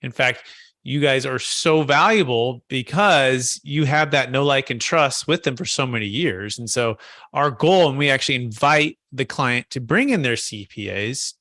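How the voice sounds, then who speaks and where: A man hosting a webinar, telling a personal story with animated quoted voices and many restarts. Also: medium pitch, moderate pace, no echo, clean studio sound. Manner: frequent fillers and restarts. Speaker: host. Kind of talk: casual webinar talk.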